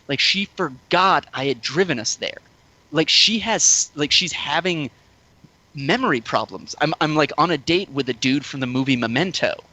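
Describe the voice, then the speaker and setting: A man's voice: on the high side, moderate pace, bright, forceful tone, rough recording. A man on a casual podcast chat, telling a story in a rambling way full of "like" and fillers. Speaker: podcast regular.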